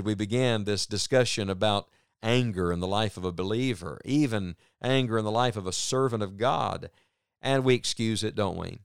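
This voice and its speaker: A man's voice: fairly low pitch, normal speed, vocal fry, clear, resonant tone, dry recording, clean studio sound. A man teaching from the Bible on a radio program, reading verses aloud and explaining them in an earnest, pastoral way. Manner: earnest, reads scripture aloud then explains it.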